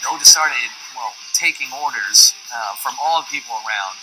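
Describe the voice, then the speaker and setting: A man's voice: medium pitch, normal speed, noisy background. A man in a documentary interview, speaking casually and with amusement.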